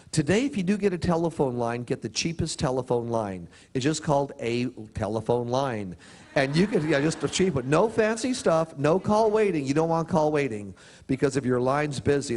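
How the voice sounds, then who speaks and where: At a motivational seminar, a man tells a story with lively swings in pitch and pauses for emphasis. The setting is a prison chapel or hall.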